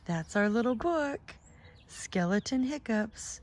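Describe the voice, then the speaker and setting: A middle-aged woman reads a children's picture book in a gentle, sing-song way, her voice rising and falling a lot. She speaks slowly, with a gravelly edge, and a faint hiss sits under the recording. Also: mid-range voice, expressive. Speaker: children's storytime reader.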